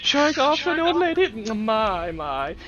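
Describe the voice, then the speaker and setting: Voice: sits high, sing-song, a little slow, dull audio, very noisy, pitched above the performer's own voice. Dm putting on a fussy old baker lady, chatters nonstop, swoops all over. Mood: fussing. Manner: gushing, nonstop talking, fussing.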